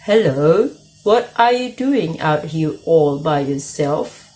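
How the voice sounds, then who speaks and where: A woman voicing a croaky male wolf who is gentle underneath, speaking slowly and low. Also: lively intonation, rough recording. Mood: gruff.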